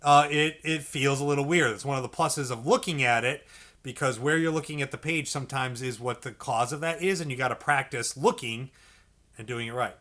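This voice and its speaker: Bright-voiced encouraging male music teacher. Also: medium pitch, brisk. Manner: patient, encouraging, repeats checks like okay and all right; sings syllables to demonstrate notes. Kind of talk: instructional video lesson.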